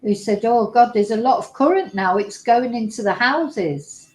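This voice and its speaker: A woman's voice: on the high side, expressive, normal speed, darkish tone, reverberant, rough recording. Chatty woman explaining video clips. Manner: chatty, explains and translates as she goes. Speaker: host reacting to videos. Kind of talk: casual commentary over video clips.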